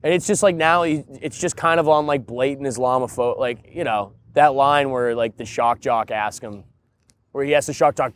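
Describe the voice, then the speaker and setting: A man in casual podcast chat, ranting in an animated way and leaning on filler words. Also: mid-range voice, moderate pace. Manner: animated, ranting, heavy use of "like" and "dude". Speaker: podcast co-host.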